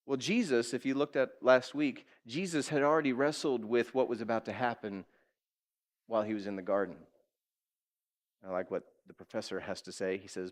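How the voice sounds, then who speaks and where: A male pastor preaching a sermon in a lively, conversational way, asking his listeners direct questions and acting out quotes. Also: medium pitch, moderate pace, pauses often. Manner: animated preaching, acts out quotes.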